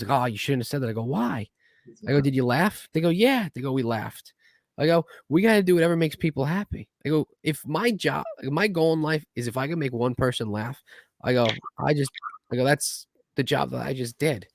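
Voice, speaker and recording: A man's voice: medium pitch, animated, a little fast, vocal fry, a little mellow, dry recording, studio quality. Eager young man hosting a podcast. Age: young adult. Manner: eager, rambling, retells talks with "I go". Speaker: podcast host. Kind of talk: casual podcast chat. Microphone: video call.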